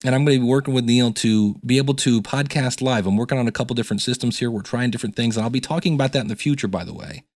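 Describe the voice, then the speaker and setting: A man's voice: medium pitch, rapid-fire, hardly any pauses, darkish tone, dry recording, studio quality. A middle-aged male podcast host and teacher talking casually in a solo episode, telling stories and reading listener emails aloud. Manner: storytelling, reads emails aloud.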